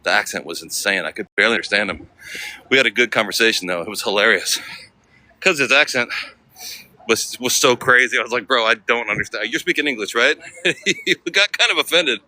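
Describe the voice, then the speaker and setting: A man's voice: mid-range voice, brisk, bright, forceful tone. An American man live-streaming as he walks city streets, chatting casually with viewers in slang. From United States. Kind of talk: walking live-stream vlog.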